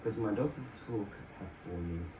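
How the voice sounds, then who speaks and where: A man's voice: fairly low pitch, normal speed. A man, the husband and co-host, chatting casually in a playful, teasing way. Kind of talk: casual family chat. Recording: roomy, distant mic, clear background noise.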